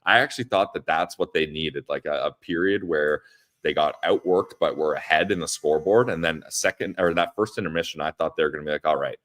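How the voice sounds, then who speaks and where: A young man with a low voice talks casually on a live-streamed podcast from a friend's parents' house. He laughs often and reads viewers' chat comments aloud as he goes. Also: a little fast, fairly bright tone, no room sound. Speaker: podcast co-host.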